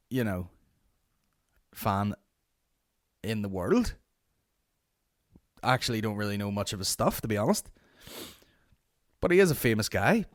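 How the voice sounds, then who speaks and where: A young man with a Northern Irish accent tells a story on his podcast, cursing freely and jumping up into the voices of the people he quotes. His voice sits at a middling pitch. The recording is dry, with no room sound. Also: no room sound. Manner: sweary, animated, acts out quoted voices. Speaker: podcast host. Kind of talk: casual storytelling.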